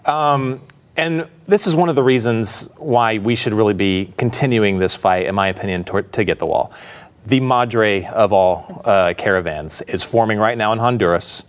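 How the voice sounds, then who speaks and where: A man's voice: on the low side, moderate pace. A man co-hosting a podcast in casual panel chat, emphatic and repeating his key points. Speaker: podcast co-host.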